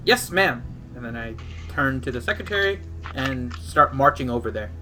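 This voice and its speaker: Man, player, lively pitch, bright tone, eager. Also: normal speed. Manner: eager, animated in-character speech. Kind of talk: playing a tabletop game.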